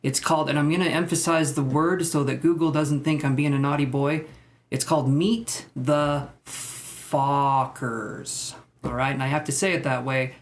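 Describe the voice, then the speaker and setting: A man with a slightly high voice reads tarot on a live stream, talking quickly with fairly even intonation and few pauses. His manner is loose and jokey, full of rambling asides to viewers between cards.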